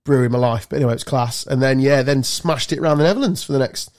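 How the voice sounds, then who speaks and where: English bloke on a podcast, chatty, swears a lot, tells stories with loads of energy. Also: male voice, mid-range voice, very fast. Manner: swearing storyteller, animated anecdotes. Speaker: podcast co-host. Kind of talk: casual chat.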